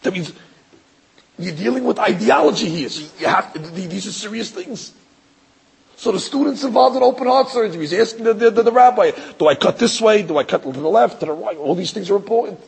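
A rabbi teaching a class lectures with a high-pitched, slightly rough voice marked by vocal fry, heard on a rough recording. He speaks emphatically and rhetorically, stammering into restarts and acting out other people's voices.

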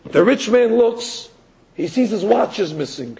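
A man giving a sermon as a rabbi, telling a story in an animated way and rising to emphatic peaks. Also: a little high, normal speed, vocal fry, slightly rough, poor audio. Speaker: rabbi or Torah teacher.

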